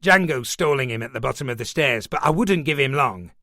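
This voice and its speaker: A man voicing a rough henchman who talks bluntly. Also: medium pitch, lively intonation, a little fast, sharp tone, dry recording, clean studio sound. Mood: urgent. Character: rough male henchman, mocking.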